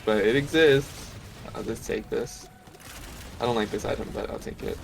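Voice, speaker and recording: A man's voice: medium pitch, moderate pace, gravelly, slight background noise. A young man chatting casually while gaming, rambling through a story and laughing often. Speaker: gamer.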